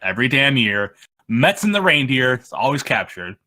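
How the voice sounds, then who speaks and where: A man being interviewed about his machinima videos, talking in a rambling, halting way that trails off mid-sentence. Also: medium pitch, very animated, bright, forceful tone. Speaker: machinima creator, interview guest. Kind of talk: casual interview chat.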